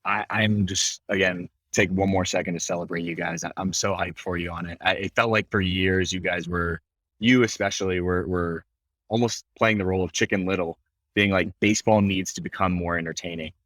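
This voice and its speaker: Deep-voiced podcast host, effusive. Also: male voice, steady tone, a little fast, a bit bright, no echo. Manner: effusive, with frequent restarts. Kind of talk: casual interview chat.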